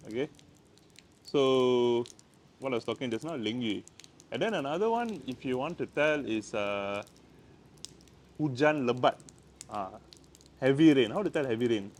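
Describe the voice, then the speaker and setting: A man's voice: medium pitch, a little hiss or hum. A man with a Malaysian English accent giving a casual, playful language lesson, recorded on a handheld camera by the door of a house. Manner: chatty, playful, repeats words. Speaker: language teacher. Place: by the door of a house, outside in the rain.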